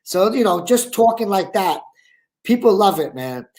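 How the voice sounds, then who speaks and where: A man's voice: high voice, big pitch swings, moderate pace, a little mellow. A man with a Brooklyn accent, a guest actor and comedian, chatting casually in a live interview over a video call, rambling with lots of "you know" and "like". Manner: rambling and talkative, full of 'you know' and 'like'.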